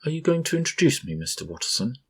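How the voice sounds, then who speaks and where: A man's voice: mid-range voice, very animated, quick pace, slightly rough, voice pushed up. A man voicing an imperious ten-year-old princess in a storybook reading, speaking in a mock-gracious, regal and precise way.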